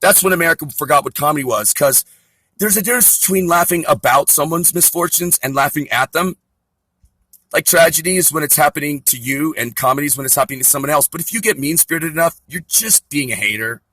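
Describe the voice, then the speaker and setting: Sarcastic ranting man, bright voice. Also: fairly high pitch, animated, fast, dry recording, poor audio. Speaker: comedian. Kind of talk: comedy rant.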